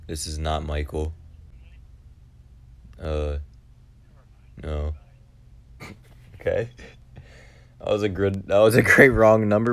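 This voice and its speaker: A man's voice: low voice, flat delivery, slow pace, pauses often. A young man giving casual, profanity-heavy commentary while playing a game, often erupting in frustration. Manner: swears a lot, flares into shouted frustration. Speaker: gaming video host.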